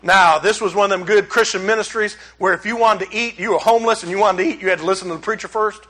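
A middle-aged man, pastor preaching a sermon in a church, animated and conversational with humor. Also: high voice, fast. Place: church sanctuary.

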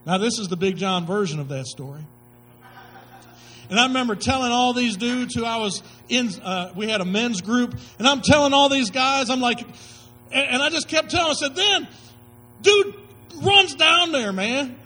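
A man's voice: very high-pitched, moderate pace, bright, forceful tone, faint music behind, poor audio. A male pastor preaching a sermon, telling stories in folksy slang with emphatic delivery.

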